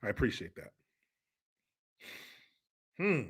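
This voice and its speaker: Man, live-stream commentary, sarcastic, mocking, profane, sharp bright tone. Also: medium pitch, big pitch swings, slow pace, slightly rough. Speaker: livestream commentary host.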